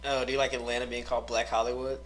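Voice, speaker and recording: A man's voice: mid-range voice, flat delivery, very fast, fairly bright tone, slight background noise, rough recording. Teasing young man on a podcast. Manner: teasing, joking. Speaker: podcast co-host. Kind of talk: casual podcast chat.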